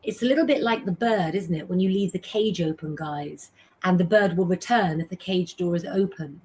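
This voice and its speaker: A woman's voice: lowish voice, normal speed, a little mellow. A middle-aged woman hosting a casual live stream, chatting as she reads out viewers' names and messages and giving tarot advice.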